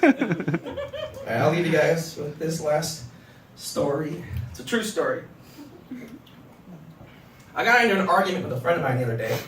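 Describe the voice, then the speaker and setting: A man doing a stand-up comedy set, animated and swearing, shouting his punchlines. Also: a little high, moderate pace, pauses often, crowd noise. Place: comedy club stage before a packed crowd. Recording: echoey club audio from far off. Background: audience laughter.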